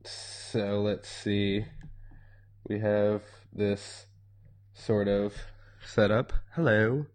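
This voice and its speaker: A man's voice: on the low side, monotone, drawn-out words, pauses often, darkish tone. A man co-hosting a casual podcast, talking in a wry, rambling way with many fillers. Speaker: podcast co-host. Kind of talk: casual chat.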